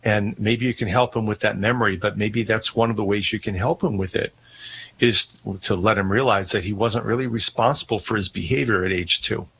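A man hosting a call-in radio show, explaining in a calm, plain way. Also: on the low side, a little fast, gravelly, slight background noise. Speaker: radio host.

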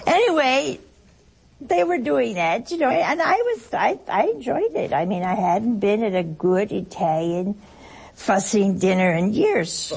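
A woman's voice: medium pitch, sing-song, unhurried, creaky, darkish tone, husky. A woman giving a conversational sermon to her listeners, telling stories and often laughing as she talks. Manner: chatty storytelling, laughs through her anecdotes. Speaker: religious speaker addressing listeners.

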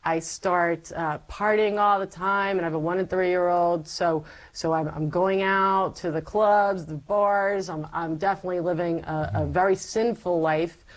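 A woman as an interview guest, giving a personal faith testimony as a lively storyteller who acts out her past self. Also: on the low side, measured pace, few pauses, low-quality recording.

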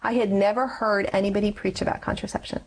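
A woman's voice: mid-range voice, fairly even intonation, fast, poor audio. Earnest woman telling a personal story. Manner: earnest storytelling, acts out past dialogue. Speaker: guest. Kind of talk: personal testimony in an interview.

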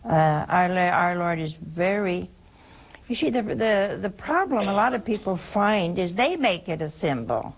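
An older woman hosting a religious call-in show, answering a caller with slow, emphatic explanation and repeated key phrases. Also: fairly low pitch, expressive, slight background noise. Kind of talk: preaching call-in radio answer.

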